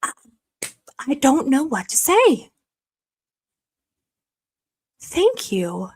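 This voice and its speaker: A woman's voice: high voice, wildly swooping pitch, slow, darkish tone. Female streamer, casual chat to viewers; emotional, gushing, rambling delivery. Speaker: livestream host.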